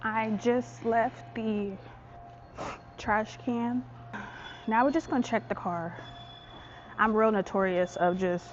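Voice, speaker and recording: A young woman talks straight to her viewers in a relaxed, chatty vlog, her voice at a middle pitch. She often drops to a hushed half-whisper. A faint hiss of background noise sits under her handheld phone recording. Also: highs cut off. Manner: half-whispering to keep her business private. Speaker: vlogger. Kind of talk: casual vlog chat to camera. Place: home, stairs and outdoors. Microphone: phone or camera held by hand.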